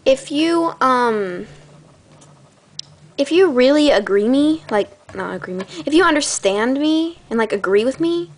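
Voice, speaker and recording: A teen girl rambles happily to her channel's viewers in a fairly high voice that jumps all over the place. Her talk is bubbly and dramatic, full of sudden gasps and quick asides. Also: animated, a little hiss or hum. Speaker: channel host. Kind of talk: casual vlog chat.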